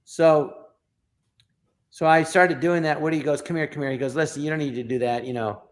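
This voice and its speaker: Animated middle-aged male comedian storyteller. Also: on the high side, moderate pace. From Los Angeles. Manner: animated storyteller, acts out quoted dialogue. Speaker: guest comedian. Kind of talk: storytelling interview.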